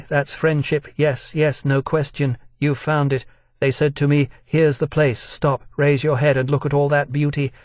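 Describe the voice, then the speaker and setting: A man's voice: a little high, darkish tone, dry recording, natural voice. A man reading as a weary, toneless servant. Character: weary toneless male servant in a bleak play.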